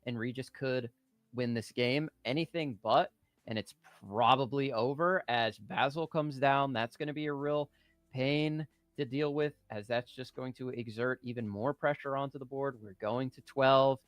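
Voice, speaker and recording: A man's voice: mid-range voice, dry recording. Analytical male card game caster, dry sound. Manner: analytical, measured, with puns.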